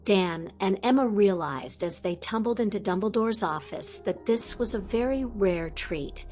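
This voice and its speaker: Woman narrating a fan audiobook over soft music. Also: mid-range voice. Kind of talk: scripted narration.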